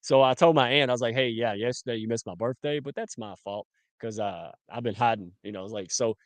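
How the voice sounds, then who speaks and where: Brief: male co-host, middle pitch, dry close call mic, easygoing banter peppered with dude. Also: brisk, no room sound. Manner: loose, laughing, says dude and man a lot. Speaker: livestream co-host. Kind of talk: casual livestream chat.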